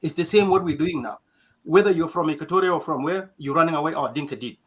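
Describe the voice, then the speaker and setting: A man's voice: on the high side, fast, slightly rough, rough recording. A man from South Sudan speaking passionately in an online community discussion, asking rhetorical questions and restarting phrases. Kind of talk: passionate audio-room speech.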